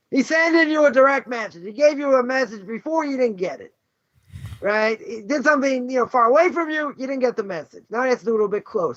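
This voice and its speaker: A man's voice: very high-pitched, a bit bright, no room sound. A man teaching a class as a rabbi, emphatic and full of rhetorical questions. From Boston. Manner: emphatic, rhetorical questions, frequent "right?" and "you know". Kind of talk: animated Torah lesson. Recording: dull lo-fi dry recording.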